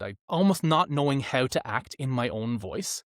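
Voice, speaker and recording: Recorded in studio quality without any echo, this medium-pitched man speaks at a moderate pace. He narrates audiobooks for a living and here chats casually at length, spinning lively, self-deprecating stories about his own life.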